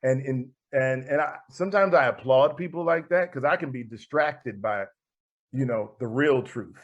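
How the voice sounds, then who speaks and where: A man of mid pitch, a jazz composer, spins a story in a relaxed interview, acting out the voices he quotes and laughing often. The podcast audio is a little muffled and lo-fi. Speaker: guest jazz musician and composer.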